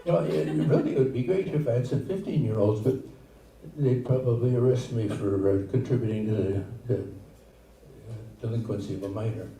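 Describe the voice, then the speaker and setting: A man's voice: mid-range voice, slight background noise. Rambling older man doing stand-up. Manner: rambling, halting delivery with asides. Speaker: stand-up comedy student. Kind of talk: stand-up comedy set. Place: small comedy venue with live audience. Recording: echoey room, distant mic, loud ambience. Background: audience laughter.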